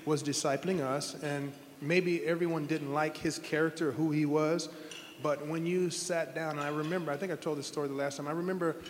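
A man's voice: fairly high pitch, steady tone, brisk, in a large hall, slight background noise. Earnest middle-aged man telling stories. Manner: earnest, heartfelt, rambling with restarts. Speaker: former pro football quarterback, guest. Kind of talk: interview storytelling.

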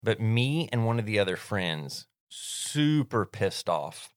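A man co-hosting a podcast, chatting in a relaxed way, telling personal stories and asking rhetorical questions. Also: on the low side, slow pace, no echo, clean studio sound. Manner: relaxed, anecdotal, talks through rhetorical questions. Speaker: podcast co-host. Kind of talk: casual storytelling chat.

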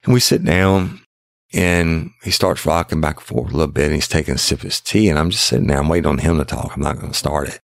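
A man's voice: extremely low pitch, fast, creaky, dry recording. A middle-aged man, telling a true-crime story in a rambling, casual way and repeating himself often. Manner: rambling, repeats himself, tags every quote with "I said". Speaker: podcast host and former investigator.

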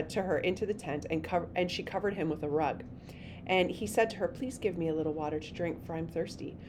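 Woman reading scripture with animated flair. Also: lowish voice, background noise. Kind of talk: Bible reading and discussion.

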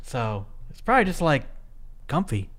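A co-host in their thirties from Minnesota, recapping a match in loose, profane chat. The voice is mid-pitched and very expressive, rising and dropping widely. Lots of filler words and restarts keep it rambling. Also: normal speed. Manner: lively, swearing freely, many likes and restarts. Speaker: podcast co-host.

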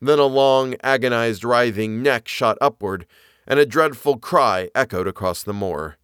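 A man narrating a classic novel as an audiobook reader, with an expressive, dramatic delivery. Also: medium pitch, measured pace, clear, resonant tone, dry recording, studio quality.

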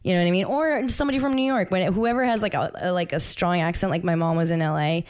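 A woman co-hosting a relaxed podcast in casual chat. She rambles, leans on "like" and laughs easily. Her voice sits slightly low for a woman. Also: quick pace, smooth. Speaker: podcast co-host.

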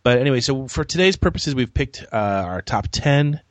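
A man's voice: mid-range voice, lively intonation, normal speed, no echo. A man co-hosting a podcast, explaining things in an easygoing way with plenty of fillers. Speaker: podcast co-host. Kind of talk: casual chat.

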